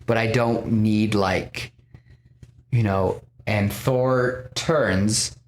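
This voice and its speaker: A man's voice: on the low side, fairly even intonation, extremely slow. A man hosting a podcast, casually retelling a film scene by scene with lots of restarts and quoted lines. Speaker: podcast host pitching a film.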